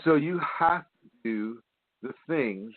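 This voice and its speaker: A man's voice: mid-range voice, animated, takes it slowly, slight background noise. A man hosting a spiritual radio show, talking in a rambling, repetitive, preachy way with many fillers. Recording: tinny phone line, dry.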